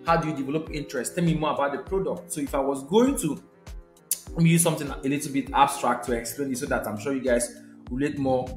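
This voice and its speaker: A man's voice: medium pitch, steady tone, fast talker, soft background music. Man teaching in an echoey room. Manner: conversational, repeats key points, checks in with viewers. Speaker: sales trainer. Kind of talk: live-streamed teaching session.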